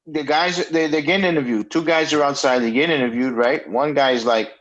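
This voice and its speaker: A man co-hosting a podcast, an excitable storyteller who acts out the people he quotes. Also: a little high, fairly quick, highs cut off. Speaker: podcast co-host. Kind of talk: casual chat.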